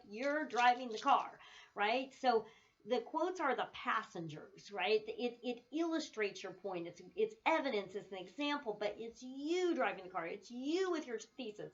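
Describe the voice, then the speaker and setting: Woman, English teacher, casual video lecture, higher voice, keeps saying "right?", laughs easily, muffled recording. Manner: chatty, often checks in with "right?"; laughs easily while telling stories.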